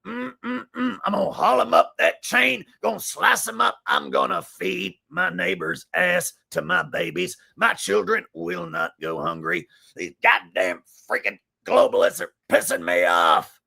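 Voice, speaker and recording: A man putting on a raving male conspiracy radio host with a gravelly edge. He growls and shouts, pushing his voice well above his usual pitch. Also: animated, a little slow, few pauses, heavily acted.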